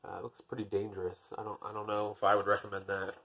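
A man's voice: lowish voice, flat delivery, fast, noisy background. A man reading a picture book aloud, breaking off for dry, wry, self-deprecating jokes between the pages. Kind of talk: storybook reading with joking asides.

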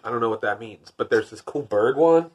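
A man reading a picture book aloud, lifting his voice for the narration and dropping to wry, deadpan jokes in between. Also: brisk, slightly rough. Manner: wry, deadpan joking asides; rises for narration, drops low for asides. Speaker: podcast host.

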